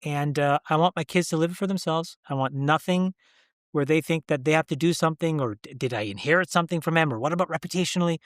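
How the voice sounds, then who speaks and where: A middle-aged man as an interview guest, talking candidly and emphatically, pressing his point with rhetorical questions and halting when he gets emotional. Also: fairly high pitch, no echo, clean studio sound.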